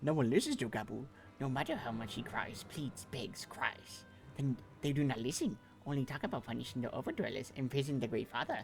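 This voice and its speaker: A man's voice: mid-range voice, expressive, fairly quick, creaky, faint music behind. A man voicing a timid, pleading little male kobold in a game, with an odd put-on accent and repeated words. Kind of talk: reading game dialogue aloud.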